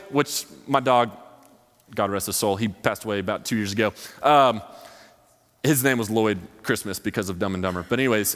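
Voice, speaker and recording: A man's voice: medium pitch, a bit bright, smooth. A young man giving a casual, rambling sermon, full of fillers, to a live audience. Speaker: college ministry speaker. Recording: long hall reverb.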